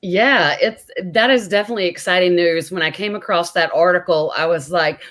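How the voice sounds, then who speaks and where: A woman's voice: fairly low pitch, fairly quick, fairly bright tone. A woman hosting an interview over a video call, enthusiastic and dotted with ums. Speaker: interview host. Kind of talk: casual interview chat.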